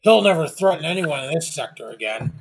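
A man's voice: on the high side, lively intonation, brisk, breathy edge. A man narrating a tabletop role-playing game as game master, setting scenes dramatically.

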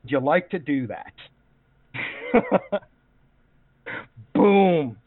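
A man's voice: fairly high pitch, expressive, drawn-out words, no echo. A man running a tabletop game as game master, narrating in a chatty way with many fillers. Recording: dry, phone-like voice call audio.

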